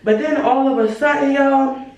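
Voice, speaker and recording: Animated teenage girl, echoey far-off sound. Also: high-pitched, moderate pace. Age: late teens. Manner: animated, profane, addresses the audience as y'all. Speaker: storytime vlogger. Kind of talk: casual storytelling to viewers. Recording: very echoey room, voice far from the mic.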